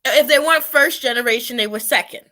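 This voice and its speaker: Bright, high-voiced young woman from New York. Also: fast. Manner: reflective, thinks aloud with fillers and restarts. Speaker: guest. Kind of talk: casual conversation. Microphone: video call.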